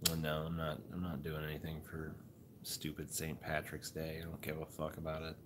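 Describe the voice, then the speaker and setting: Low-voiced man rambling profanely. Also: moderate pace, noisy background. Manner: rambling, profane, deadpan musing. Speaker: streamer. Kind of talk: casual chat.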